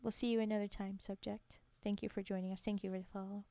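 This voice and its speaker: A young woman streamer reading poems aloud and chatting softly with her viewers. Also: mid-range voice, flat delivery, quick pace, vocal fry, no echo. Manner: soft-spoken, chatty, thanks viewers between verses. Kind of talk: livestream poetry reading and chat.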